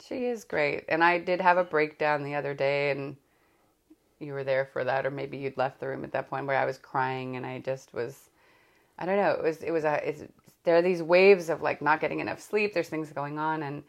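Podcast host, woman, low gravelly voice, rambling and candid, loose casual chat. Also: moderate pace. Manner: rambling, self-correcting, candid.

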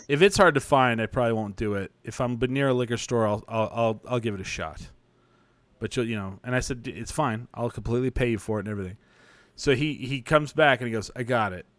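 A man's voice: medium pitch, no echo. A man hosting a stream, rambling through a story in casual chat and swearing freely. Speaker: show host.

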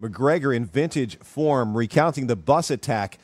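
A man's voice: mid-range voice, dry recording. Wry male sports news reader. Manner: brisk, wry news delivery. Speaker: radio co-host reading sports news.

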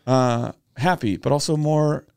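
A man's voice: fairly high pitch, steady tone, measured pace, gravelly, a little mellow, clear, resonant tone. A man co-hosting a comedy podcast, chatting casually and rambling through anecdotes with acted-out voices. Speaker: podcast co-host.

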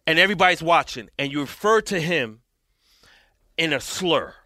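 A man's voice: on the high side, expressive, normal speed, pushed and bright, dry recording, clean studio sound. A man in casual podcast chat, emphatic and profane.

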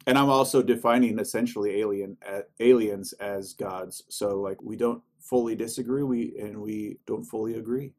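A man's voice: lowish voice, steady tone, normal speed, few pauses, a little mellow. A man co-hosting a podcast, musing in an easygoing way with dry humor. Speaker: podcast co-host. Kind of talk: casual chat.

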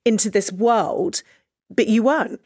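A woman's voice: on the high side, a little slow, darkish tone, slightly rough, no room sound, studio quality. A young woman interviewing a guest, enthusiastic and affirming as she leads her questions. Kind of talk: interview conversation.

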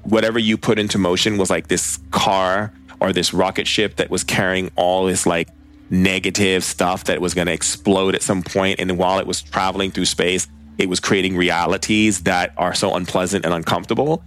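Deep-voiced man, rambling casual storyteller. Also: fairly bright tone. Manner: rambling, filler-heavy, conversational.

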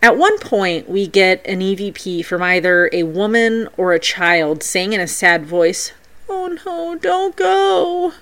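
A podcast host with a fairly low-pitched voice narrates her paranormal investigation stories at a measured pace with few pauses. The delivery is scripted but animated and playful.

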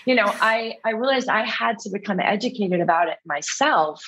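A woman's voice: mid-range voice, lively intonation, normal speed, fairly bright tone, husky, lo-fi sound. A woman speaking as an interview guest, earnest and reflective, now and then acting out what others said. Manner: earnest, reflective, acts out quotes. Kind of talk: candid interview conversation.

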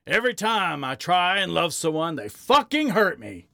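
A man's voice: medium pitch, lively intonation, measured pace, vocal fry, a bit bright, dry recording, exaggerated voice. A man voicing a tired, bitter gay badger who growls out his grievances. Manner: growling, weary.

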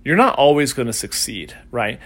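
A man hosting a casual solo podcast as a coach, telling a story in a relaxed, conversational way. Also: medium pitch, moderate pace. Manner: conversational storytelling, acts out quoted voices.

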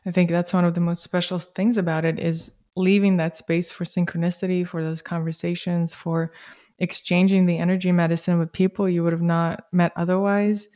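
Host, female, lowish steady voice, unhurried and reflective in casual talk. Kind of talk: casual conversation.

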